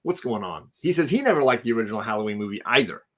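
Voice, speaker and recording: A man's voice: mid-range voice, sing-song, racing. A man hosting a casual charity livestream, with a middle-range voice. He rambles with plenty of fillers and stops to thank donors by name. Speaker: livestream host.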